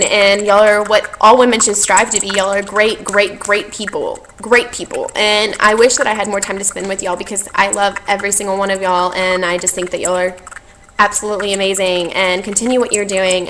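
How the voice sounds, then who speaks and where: A woman's voice: mid-range voice, fairly bright tone, a little hiss or hum, rough recording. A young woman, recording a heartfelt thank-you vlog, talking in a gushing, affectionate, rambling way with frequent little laughs. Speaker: vlogger.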